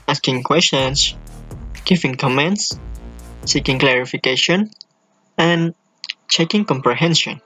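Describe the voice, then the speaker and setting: Steady young male student presenter. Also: mid-range voice. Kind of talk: class presentation.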